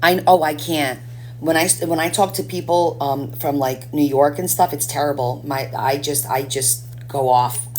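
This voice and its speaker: A woman's voice: sits low, fairly even intonation, moderate pace, a little mellow, slight background noise. A woman chatting casually on a live stream as she paints, rambling and answering viewers' comments.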